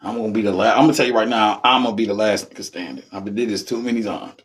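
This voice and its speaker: A man giving a rambling, profane live-stream lesson in streetwise slang, often acting out drunk people in a high yelling voice. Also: steady tone, very fast. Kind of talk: casual live-stream teaching.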